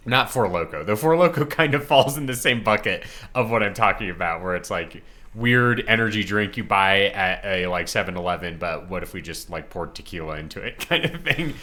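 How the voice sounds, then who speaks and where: A young man co-hosts a podcast in easy, casual chat. His voice is bright and forward, and it swings widely in pitch as he tells his stories, often laughing through the lines. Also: a little fast. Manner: animated storyteller, laughs while talking. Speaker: podcast co-host.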